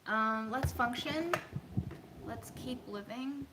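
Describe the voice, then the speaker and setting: A woman vlogging casually from her home kitchen, talking in a soft, reflective way with many pauses and ums. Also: mid-range voice, heavy background noise. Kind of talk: casual livestream chat. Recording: roomy echo.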